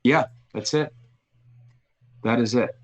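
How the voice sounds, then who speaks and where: A man, a podcast guest, talking casually and retelling a story with animated restarts. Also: medium pitch, slow pace, poor audio. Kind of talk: casual conversation.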